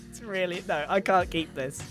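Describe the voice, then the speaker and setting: A man's voice: high-pitched, moderate pace, music in the background. A man, chatting and teasing playfully while gaming. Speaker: guest player. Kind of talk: casual gaming chat.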